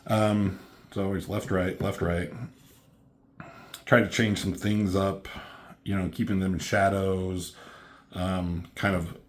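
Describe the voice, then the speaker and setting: Rambling low-voiced man narrating his comic. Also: flat delivery, takes it slowly, long pauses. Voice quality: rambling, many fillers, reads dialogue with slight character shifts. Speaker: comic creator reviewing his own book. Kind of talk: casual commentary reading his comic aloud.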